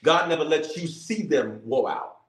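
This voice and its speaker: Lively-pitched preaching man, echoey. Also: normal speed, heavy background noise. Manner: preaching, repeats lines, calls to the crowd. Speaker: bishop. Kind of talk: sermon with prayer.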